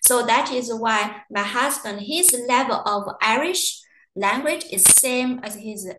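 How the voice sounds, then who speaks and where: A woman's voice: a little high, slow pace, roomy sound, noisy background. A woman telling stories in a chatty, casual way during a university webinar. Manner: chatty, storytelling with acted quotes. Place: living in Ireland.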